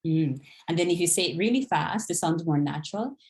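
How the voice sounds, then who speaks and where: A woman tutoring online, modelling pronunciation slowly and patiently in a one-on-one lesson. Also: on the low side, lively intonation, a little mellow. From Jamaica.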